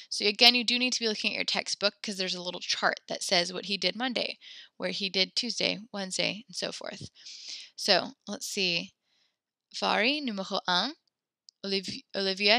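This woman leads a French lesson in a mid-range voice that comes across pushed and bright, captured in a dry recording. Her instructions are brisk, bilingual in English and French, and often revised mid-sentence.

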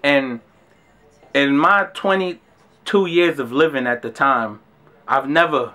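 A young man with a New York accent tells a story with lots of slang and swearing. His voice sits high for a man, with a bright, forceful edge. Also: slow pace. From Brooklyn, New York. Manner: animated, slangy and profane. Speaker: vlogger. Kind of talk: casual storytelling.

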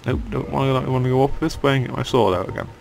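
A man's voice: medium pitch, quick pace, creaky, darkish tone. A young man giving casual let's-play commentary, grumbling and swearing when the game annoys him. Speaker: gaming channel host.

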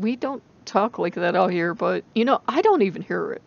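A woman with a rural American country accent, rambling and animated in a casual spiritual vlog, laughing often. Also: fairly low pitch, normal speed, creaky, few pauses, no echo. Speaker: channel host. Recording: dull lo-fi recording.

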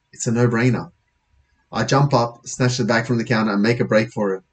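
Man reading a comic first-person story. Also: medium pitch. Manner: casual, self-correcting, wry. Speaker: audiobook narrator.

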